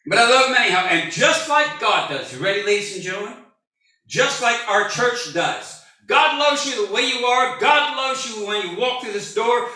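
A pastor in his early sixties delivers a sermon at a moderate pace, his voice high, ringing and very bright. He cracks jokes and works himself up to shouts, and the mic catches him from a distance in an echoey church sanctuary.

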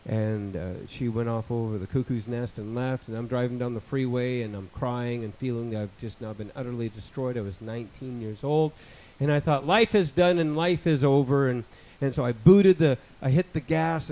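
A man in his fifties preaching a sermon, rambling with joking asides and building to loud, emphatic passages. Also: medium pitch, normal speed, hardly any pauses, low-quality recording. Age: 50s.

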